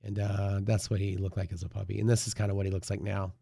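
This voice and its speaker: A man's voice: fairly low pitch, flat delivery, fast talker, creaky, mellow, breathy edge, no echo. A man hosting a live day-trading stream, chatting casually in a rambling way, full of fillers and the odd swear word.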